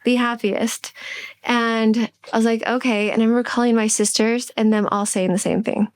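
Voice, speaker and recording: A woman's voice: fairly high pitch, fairly even intonation, dry recording. Candid middle-aged woman, dry close sound. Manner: reflective, halting, with restarts. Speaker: podcast co-host. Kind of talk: candid podcast conversation.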